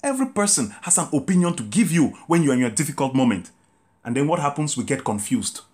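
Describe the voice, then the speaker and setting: Animated priest preaching. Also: male voice, a little high. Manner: preaching with drawn-out emphatic phrases and sudden lifts and drops. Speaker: Catholic priest. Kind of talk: sermon.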